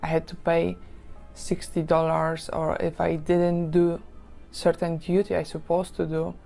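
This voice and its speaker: A woman giving slow, measured documentary narration. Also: lowish voice, little pitch movement, gravelly, dark tone, faint music behind.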